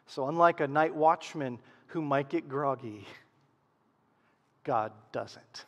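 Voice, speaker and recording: A man preaches to his congregation, his voice sitting fairly high. He presses key words loudly, then drops into quiet, hushed passages. The sound carries the long reverb of a church hall. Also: takes it slowly, highs cut off. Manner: expressive preaching, swings from loud emphasis to hushed lows. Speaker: pastor. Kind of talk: sermon.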